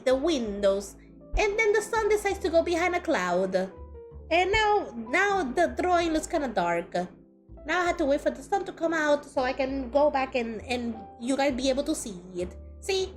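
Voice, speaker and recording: A woman streamer putting on a comically exaggerated Italian accent, playing a playful Mario-style man. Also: high-pitched. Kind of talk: live art stream chat.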